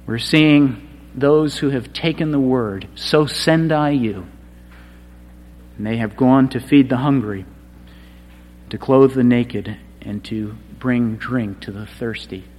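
Slow dramatic preacher in a reverberant hall. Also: male voice, mid-range voice. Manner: slow, dramatic delivery swinging from quiet to shouted. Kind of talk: sermon.

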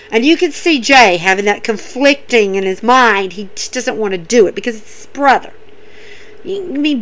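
A woman's voice: a little high, a bit bright. A woman casually recapping wrestling episodes, enthusiastic and repetitive, with many fillers.

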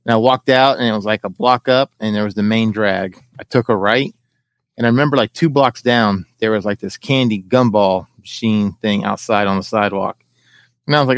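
A man's voice: lowish voice, normal speed, clear, resonant tone, dry recording. A man in casual podcast chat, recounting a memory step by step in detail.

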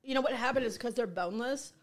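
A woman's voice: fairly high pitch, quick pace. A woman co-hosting a casual podcast chat, swearing and laughing while her mouth burns from hot sauce. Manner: animated, swearing, laughing through burning-mouth complaints. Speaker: podcast co-host.

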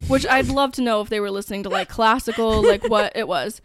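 A woman's voice: on the high side, brisk, dry recording, studio quality. A woman co-hosting a podcast, casually retelling a true-crime case with lots of fillers and some swearing. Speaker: podcast co-host.

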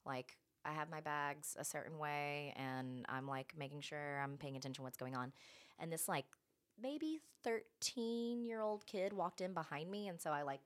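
Podcast guest: young woman, low pitch, lively profane storyteller. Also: moderate pace. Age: young adult. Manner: animated, profane, acts out quotes. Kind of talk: casual storytelling chat.

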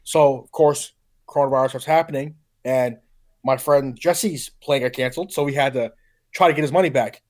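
A man's voice: medium pitch, moderate pace. Heated, swearing young man on a podcast. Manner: heated storytelling, swearing, laughs often. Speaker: podcast guest. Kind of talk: casual podcast chat.

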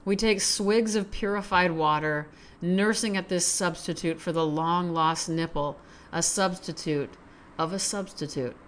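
A woman hosting a podcast, reading essays aloud and chatting casually, swearing freely, worn out yet fired up. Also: mid-range voice. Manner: profane, excitable, self-mocking. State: exhausted, recovering from surgery.

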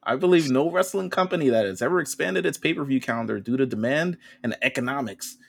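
A man's voice: medium pitch, expressive, quick pace, gravelly, voice pushed up. A man doing an impression of a male wrestling company boss who talks in formal, careful press-statement phrases. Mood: earnest.

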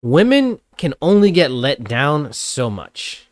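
Animated, blunt young man. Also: fairly high pitch, slow pace, dry recording. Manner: animated, blunt, swears and laughs often. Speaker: podcast co-host. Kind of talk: casual podcast chat.

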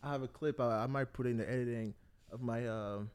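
A man's voice: mid-range voice, fairly quick, clean tone. Young male podcast host. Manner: animated, laughs often, quizzes the others. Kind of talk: casual podcast chat.

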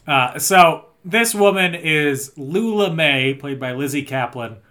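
Man, podcast co-host, bright timbre, rambling, dry jokes, casual recap. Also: a little high, expressive, slow pace. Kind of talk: casual movie recap chat.

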